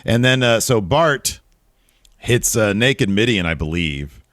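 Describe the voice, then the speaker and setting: Deep-voiced guy on a podcast, jokey and animated, pitch swings all over, dry close mic. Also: slow, dry recording. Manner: animated, jokey, jumps into higher pitch for emphasis. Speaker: podcast co-host. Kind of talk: casual wrestling review chat.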